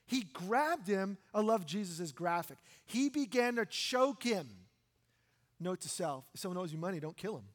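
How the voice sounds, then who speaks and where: High-voiced man preaching a sermon. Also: moderate pace. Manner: animated, acts out the parable's voices. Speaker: pastor. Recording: long hall reverb.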